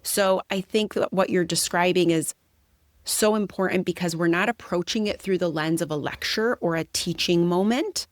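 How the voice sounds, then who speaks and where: A woman's voice: on the low side, normal speed, dry recording, studio quality. A young woman hosting a podcast, talking through her ideas in a thoughtful, reflective way. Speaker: podcast host. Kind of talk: conversational interview.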